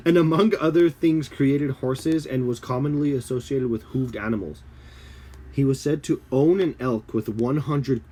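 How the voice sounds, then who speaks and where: A man co-hosting a casual podcast, reading aloud from his screen and telling spooky stories in an animated way. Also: medium pitch. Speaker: podcast co-host. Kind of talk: casual chat.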